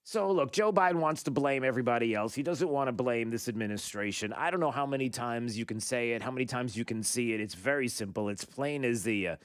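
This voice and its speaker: A man's voice: mid-range voice, fairly quick, few pauses, no room sound. Male talk radio host, rambling monologue, lots of fillers, dry close studio sound.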